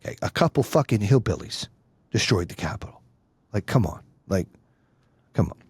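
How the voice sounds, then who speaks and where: A man's voice: fairly low pitch, animated, moderate pace, darkish tone, slightly rough, no room sound. A middle-aged man talking as a podcast guest in casual conversation, blunt and heated, swearing freely and repeating his points for force.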